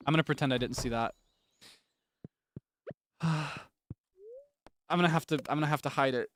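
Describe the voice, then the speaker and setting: A man's voice: medium pitch, moderate pace, pauses often, fairly bright tone. A young man streaming a farming game, chatting casually, laughing often and breaking into dramatic frustrated outbursts. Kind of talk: casual gameplay chat.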